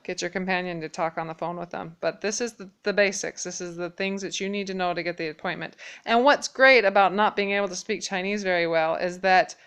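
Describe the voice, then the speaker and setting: A woman teaching a casual Mandarin lesson, patiently repeating phrases slowly and clearly. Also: lowish voice, fairly bright tone. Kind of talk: casual spoken language lesson.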